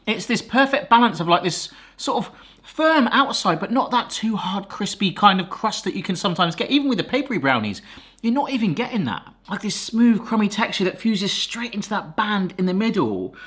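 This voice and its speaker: Excitable chatty male cooking vlogger. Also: sits high, moderate pace. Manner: chatty, excitable, exclaims often. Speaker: cooking video host. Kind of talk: casual cooking vlog.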